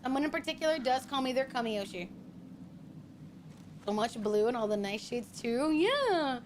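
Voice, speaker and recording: A woman's voice: sits high, very animated, moderate pace, background noise. A woman streaming a game, chatting with viewers in a flirty, teasing, playfully menacing way. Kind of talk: casual game-streaming chat.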